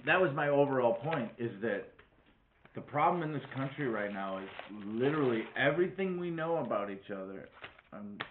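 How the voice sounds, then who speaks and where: A man's voice: medium pitch, lively intonation, normal speed, a little hiss or hum. A middle-aged man from Wisconsin telling stories in casual chat, rambling and swearing freely. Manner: profane, rambling storyteller. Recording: echoey room, tinny phone-like sound.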